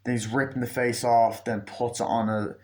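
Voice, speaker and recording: Man, casual reviewer; rambling, profane, mid-pitched, jumps into quick character impressions. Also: flat delivery. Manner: rambling, profane, acts out scenes in quick mimicked voices. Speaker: movie reviewer. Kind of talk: casual spoken movie review.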